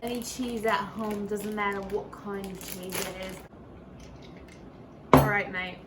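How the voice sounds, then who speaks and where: A woman's voice: medium pitch, little pitch movement, measured pace. A woman hosting a casual home cooking video in her kitchen, talking in playful, profane mock-chef banter. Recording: noisy room ambience.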